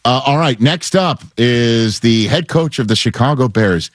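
A man's voice: mid-range voice, animated, measured pace, no room sound. A man hosting a sports talk show, chatting casually, laughing easily and feeding questions to his guest. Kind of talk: casual chat.

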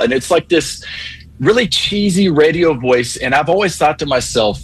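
A man's voice: on the high side, animated, normal speed, husky, low-quality recording. A man calling in to a sports talk show, talking earnestly and rambling a little with fillers. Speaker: caller. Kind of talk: call-in commentary.

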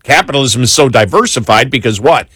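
A man hosting a political talk show, talking in an exasperated, animated way with many restarts. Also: medium pitch, fairly quick, breathy edge, dry recording, studio quality. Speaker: talk radio host.

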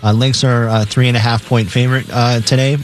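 A man on sports radio reading out games and betting lines in a matter-of-fact way, with filler pauses. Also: medium pitch, flat delivery, faint music behind.

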